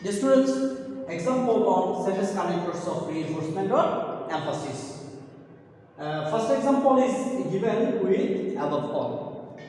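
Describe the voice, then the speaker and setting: A man's voice: high voice, big pitch swings, measured pace, a little mellow. A man teaching an English grammar lecture, speaking repetitively and often addressing his listeners as dear students. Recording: echoey room, far from the mic.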